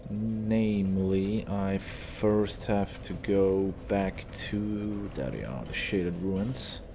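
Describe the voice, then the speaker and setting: A man from Austria commentating his own gameplay as a gaming YouTuber, swearing, yelling at enemies and laughing at his own mistakes. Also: sits low, drawn-out words, background noise. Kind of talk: let's play commentary.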